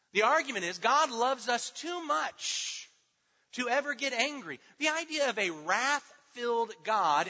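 A man preaching a teaching sermon, emphatic, swinging between loud stressed words and hushed asides. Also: high-pitched. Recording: dull sound with long hall reverb.

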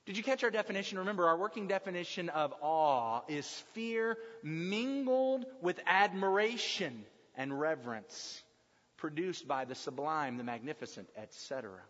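A man with a high voice preaches to a congregation in a church with long, ringing reverb. He is emphatic, swelling to loud passionate peaks and then falling to hushed, quiet lines. The recording is dull and lo-fi. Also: animated, moderate pace. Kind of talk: sermon.

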